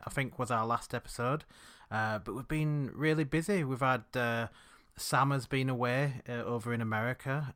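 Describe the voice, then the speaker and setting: A man's voice: mid-range voice, fairly bright tone. Chatty male podcast host. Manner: chatty and rambling, with many hesitations. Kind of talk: casual podcast chat.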